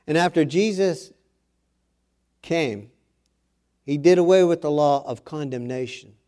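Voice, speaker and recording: A man delivering a sermon at an unhurried, drawn-out pace. His voice sits a little higher than most men's, and he builds from quiet, earnest teaching into raised, forceful exhortation. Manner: earnest preaching, swelling louder and higher when exhorting; self-deprecating asides. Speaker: preacher.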